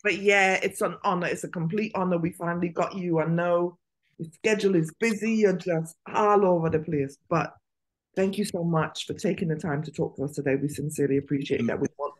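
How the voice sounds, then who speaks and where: A woman's voice: on the low side, steady tone, fairly quick. A woman co-hosting a radio podcast, talking emphatically and repeating herself as she praises her guest. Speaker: podcast co-host. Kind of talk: casual radio interview.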